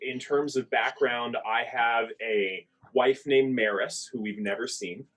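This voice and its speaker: A man playing a tabletop game, describing his character with halting restarts. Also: medium pitch, fairly even intonation, a bit bright, rough recording. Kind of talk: casual tabletop game chat.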